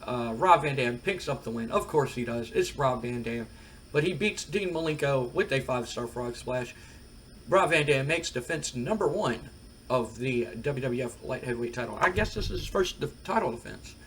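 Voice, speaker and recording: A man's voice: medium pitch, normal speed, slight background noise. A man casually talking through a wrestling management game for his channel, rambling with lots of fillers. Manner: rambling, relaxed, many fillers. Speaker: gaming video creator.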